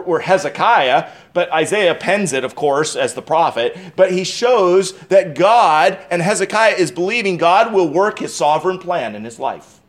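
A male pastor preaching a sermon, calling his listeners friends, moving from loud pleading to hushed, slowed emphasis. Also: high-pitched. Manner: addresses the congregation as friends, asks rhetorical questions.

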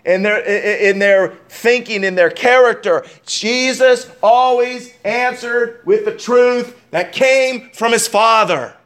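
A man preaching a sermon as pastor, emphatic, asking rhetorical questions and dropping to quiet asides. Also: very high-pitched, slow, hardly any pauses.

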